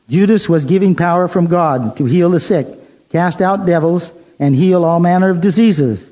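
A man delivers a sermon with a mellow, warm tone. He tells a story in a measured way, reading the lines of dialogue plainly. His voice sits a bit above the usual male pitch. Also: poor audio. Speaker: preacher.

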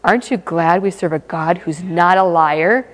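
A woman's voice: lowish voice, moderate pace. A woman preaching a sermon in a conversational, emphatic way, with playful asides. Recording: long reverb of a hall.

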